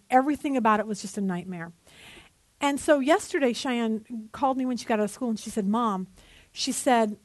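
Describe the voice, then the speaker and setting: A middle-aged woman teaching a women's Bible study, telling stories with animated asides and acted-out quotes. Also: fairly high pitch, no room sound.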